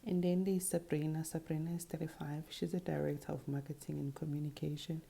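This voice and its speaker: A woman giving a casual, chatty recap of a show's cast, tossing in quick sassy asides. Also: sits low, little pitch movement, gravelly, mellow, husky. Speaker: reality show commentator. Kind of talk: casual show recap to camera.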